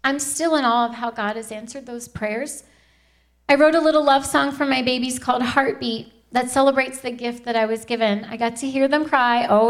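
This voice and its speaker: A woman in her thirties giving a heartfelt faith testimony to a live audience, earnest and chatty with laughing asides to the crowd. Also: high-pitched. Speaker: Christian speaker.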